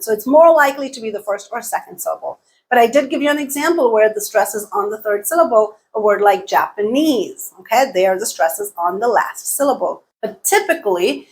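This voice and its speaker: A woman with a fairly high voice teaches an online English pronunciation lesson. She speaks clearly and deliberately. She slows down to repeat example words and keeps checking that her listener follows. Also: low-quality recording.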